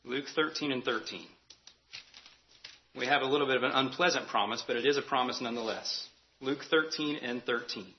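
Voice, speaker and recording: A man's voice: mid-range voice, a little fast, dull audio, slight background noise. A man preaching a sermon as pastor, earnest and emphatic, repeating key phrases for weight.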